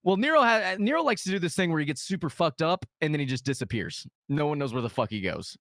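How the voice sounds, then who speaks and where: Man, crude animated storyteller, lively higher voice, dry sound. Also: fast, dry recording. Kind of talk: casual storytelling chat.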